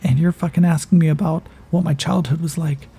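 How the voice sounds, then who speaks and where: A man's voice: on the high side, fairly even intonation, brisk, creaky, mellow, breathy edge, voice pushed up, heavily acted. A man voicing a terrified, wounded young man who stammers, curses and begs to flee. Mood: frantic. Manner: frantic, swearing, stammering repeats. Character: panicked skinny young man, wounded, cursing.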